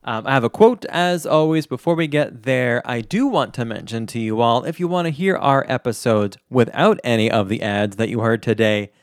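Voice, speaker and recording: A man's voice: mid-range voice, normal speed, few pauses, dry recording. Chatty male podcast co-host, dry sound. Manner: chatty, self-deprecating. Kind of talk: casual podcast outro.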